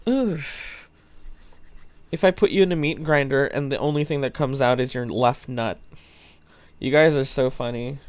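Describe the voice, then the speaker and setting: Smooth and medium-pitched, this young adult streamer makes easygoing chat with the audience while gaming, joking drily and cursing from time to time.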